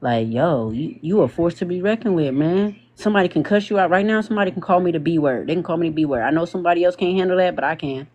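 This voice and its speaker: A young man speaking in a casual livestream monologue, animated and slangy, laughing often as he talks. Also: a little high, fast, hardly any pauses, dull audio. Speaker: TikTok live host.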